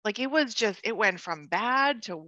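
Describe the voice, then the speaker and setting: A woman's voice: a little high, lively intonation, moderate pace, pushed and bright, no echo, dull audio. A woman sharing a personal caregiving story in casual conversation, earnest and emotional, laughing now and then and restarting her sentences.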